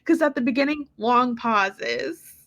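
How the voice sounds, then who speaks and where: A woman with a fairly high voice chats casually as a podcast co-host. She is blunt and opinionated, firing off quick asides. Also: creaky, fairly bright tone, no room sound, dull audio. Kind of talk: casual recap chat.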